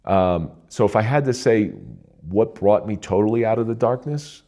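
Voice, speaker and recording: A middle-aged man with a low, dark, mellow voice shares his story as a guest in earnest, conversational talk. He often restarts his sentences and lifts sharply in pitch when a point excites him. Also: normal speed. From New Jersey. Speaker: interview guest, retired police officer. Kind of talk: candid personal storytelling.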